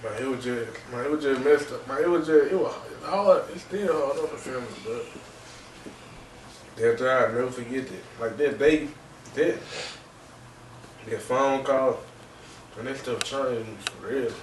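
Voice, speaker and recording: Man telling his story haltingly, roomy and distant. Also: mid-range voice, slight background noise. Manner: halting, repeats phrases, filler "man" and "you know". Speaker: podcast host. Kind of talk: emotional personal storytelling. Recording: roomy distant mic with faint ambience.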